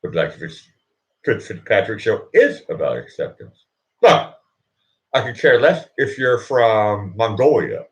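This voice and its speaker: A man hosts his own live show in a meandering comic monologue, stumbling over restarts and coming back again and again to the same filler word. He talks at an unhurried, drawn-out pace, and his pitch swings up and down a lot. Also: sing-song. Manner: rambling, keeps repeating "look", stops and restarts.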